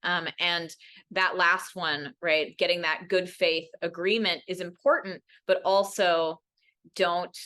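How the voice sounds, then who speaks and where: Woman educator at a parent workshop; bright, earnest, animates quotes. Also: fairly even intonation, slow pace. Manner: earnest, often ends points with "right?"; acts out quoted voices with big pitch jumps. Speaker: mental health educator. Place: workshop room.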